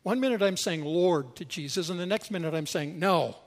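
Man preaching, high voice, emphatic storytelling, echoey church hall. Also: animated, fast. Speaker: pastor. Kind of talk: sermon.

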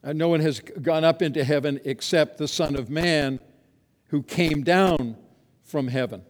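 A man preaches with earnest emphasis, leaning on key words and slowing to drive a point home. His voice sits a little high for a man. The sound carries a long reverb from a large hall. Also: darkish tone. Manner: earnest, emphatic preaching with slow stressed phrases. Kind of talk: sermon.

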